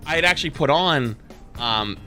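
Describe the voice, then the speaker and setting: Male streamer, casual storyteller: lively and sharp-toned, exasperated and sweary. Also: a little high, moderate pace, faint music behind. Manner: animated, profane, exasperated retelling.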